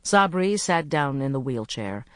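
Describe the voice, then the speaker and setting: An audiobook narrator reading a mystery in a measured way, slowing down at tense moments. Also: medium pitch, very animated, a bit bright, no room sound, studio quality. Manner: measured, slows for tension. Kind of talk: scripted narration.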